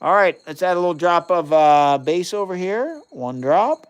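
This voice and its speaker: An enthusiastic man in his fifties with a slightly higher voice chats casually on a livestream. He explains acids and bases in plain words and reads out viewers' questions as he goes. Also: lively intonation, moderate pace, clear, resonant tone. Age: 50s. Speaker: chemistry livestream host. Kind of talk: casual live-stream chat while doing experiments.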